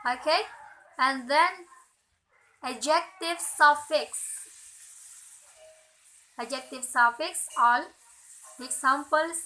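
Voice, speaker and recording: A young woman, a student with Indonesian as her first language, slowly reading out a lesson on word stress, dotted with "okay" and "uh". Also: sits high, bright, forceful tone, low-quality recording. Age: young adult. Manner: slow, careful, filler "okay" and "uh". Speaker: student presenter.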